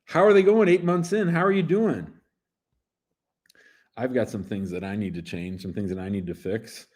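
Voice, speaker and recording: A man's voice: on the low side, normal speed, a little mellow. A man in his fifties, an immigration lawyer hosting a casual livestream show, talking in a playful, chatty way that jumps between topics.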